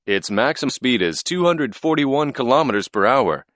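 A man voices a friendly male pilot explaining his plane, pitching his mid-range voice above his natural one and acting it lightly. The delivery is expressive, moderate in pace, and a bit bright, with clean, echo-free studio sound.

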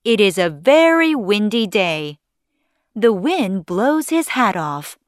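A woman narrating a children's story slowly in short, clearly spaced sentences. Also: medium pitch, very animated, no room sound, studio quality.

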